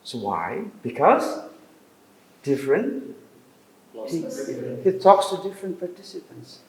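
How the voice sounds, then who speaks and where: A man giving a university lecture in English, questioning the class with pauses and fillers. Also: fairly high pitch, sing-song. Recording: roomy classroom echo.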